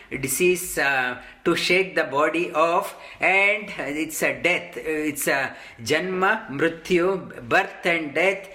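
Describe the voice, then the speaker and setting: A man giving a slow, halting scripture discourse as a spiritual teacher, full of ums and restarts. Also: fairly high pitch, pushed and bright. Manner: halting, many ums, slow deliberate explanation.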